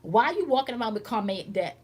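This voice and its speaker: A woman's voice: on the high side, expressive, fast, a little mellow, husky. A woman hosting a casual spiritual teaching stream, talking emphatically and bluntly with lots of swearing, constantly checking in with her listeners. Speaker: spiritual teacher and channel host.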